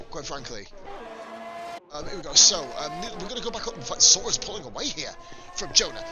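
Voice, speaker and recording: A man's voice: a little high, sing-song, brisk, pauses often, music in the background. A man commentating an online racing league race in a casual, sweary and blunt way, ranting at drivers and chat.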